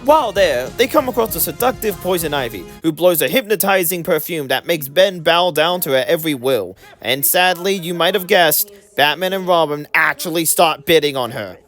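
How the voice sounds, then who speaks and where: A reviewer narrates a scripted comedic film recap in a mid-range voice. The delivery is sarcastic and very animated in pitch. Faint music plays underneath. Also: moderate pace, hardly any pauses.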